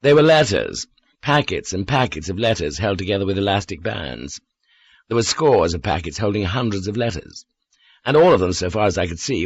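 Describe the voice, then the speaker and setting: A man narrates a novel in the first person with a fairly low voice and a measured, unhurried delivery. The recording is dry and close, with no room sound around him. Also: dry recording, lo-fi sound. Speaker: audiobook narrator.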